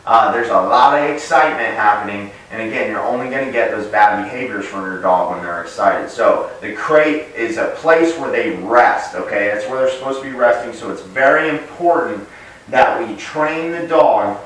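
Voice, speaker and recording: A man working as a dog trainer, explaining in a relaxed, plain way with frequent pauses and restarts. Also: medium pitch. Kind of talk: casual instructional talk to camera. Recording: echoey room, voice picked up from a distance.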